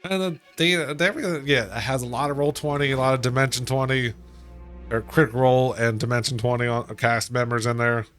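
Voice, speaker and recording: A man's voice: mid-range voice, steady tone, brisk, fairly bright tone. A man streaming a video game, rambling casually with restarts and hummed filler. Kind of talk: casual gameplay commentary. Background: game music.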